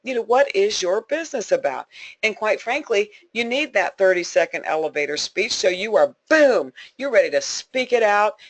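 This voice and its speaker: A woman heads a sales team and pumps them up on a conference call with a medium-pitched, animated voice at a moderate pace, with no echo. Folksy and emphatic, she hammers points by repeating them and laughs a lot.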